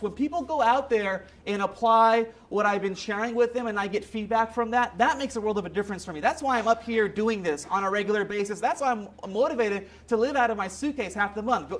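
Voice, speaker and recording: A man giving a motivational seminar talk, telling stories in an animated way. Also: sits high. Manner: animated storytelling with acted quotes. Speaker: motivational speaker.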